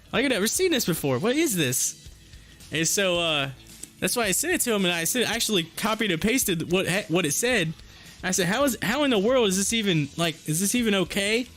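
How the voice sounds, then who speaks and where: A man's voice: high-pitched, a bit bright. A man hosting a day-trading live stream, telling rambling stories in casual chat full of fillers and laughs. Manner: rambling, chatty storytelling with frequent fillers and laughs.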